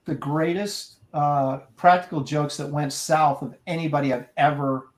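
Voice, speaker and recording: Guy rambling thru a story, laughs a lot, kinda high voice. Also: fairly even intonation, moderate pace. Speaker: artist co-host. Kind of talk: casual chat.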